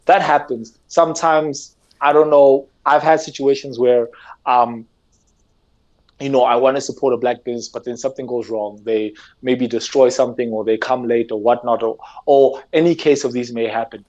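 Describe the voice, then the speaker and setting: A man's voice: medium pitch, fairly even intonation, moderate pace, a little mellow, dull audio. A man from South Africa with a South African English accent, talking earnestly and animatedly in a casual discussion, often repeating words as he presses his point. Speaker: podcast guest, gamer.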